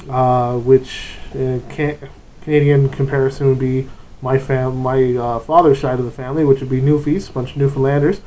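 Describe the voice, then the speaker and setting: A man's voice: mid-range voice, normal speed, a little mellow, low-quality recording. A man who grew up in Germany, hosting a tabletop role-playing vlog and giving casual, rambling advice. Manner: rambling, self-interrupting, chatty. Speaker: tabletop RPG channel host.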